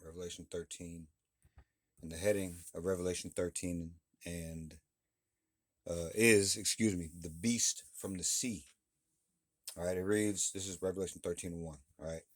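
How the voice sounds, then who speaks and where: A man with a fairly low voice teaches a Bible class, reading verses aloud and then explaining them. His delivery is loose and conversational, full of restarts, and he checks in with his listeners after nearly every point. The sound is close and dry, with no room around it. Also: fairly even intonation, normal speed, dry recording. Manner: keeps checking in with "all right?" and "okay?" between points.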